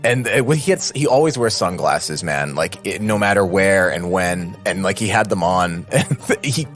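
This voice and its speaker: A man's voice: low voice, animated, normal speed, fairly bright tone, soft background music. A man co-hosting a podcast, rambling through an anecdote and laughing as he talks. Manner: rambling storyteller, laughs mid-sentence. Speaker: podcast co-host. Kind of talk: casual chat.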